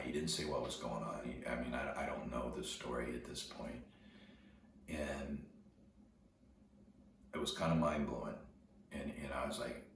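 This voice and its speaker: A middle-aged man telling a personal story in a halting way, often repeating words as he recalls events. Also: a bass voice. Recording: very echoey room, distant mic, noticeable background noise.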